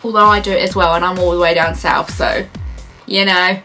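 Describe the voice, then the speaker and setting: A young woman with a southern English accent, chatting casually and animatedly in a vlog, with faint music behind her. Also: a little fast. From Brighton, southern England. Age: young adult. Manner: chatty and animated, jumping up in pitch for mock greetings. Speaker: vlogger.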